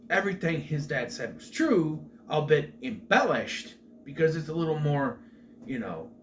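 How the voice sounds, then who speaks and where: A man's voice: a little high, lively intonation, moderate pace. A middle-aged man casually recapping a film as a show host, rambling with chatty asides and restarts. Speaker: movie review host. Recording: faint background noise.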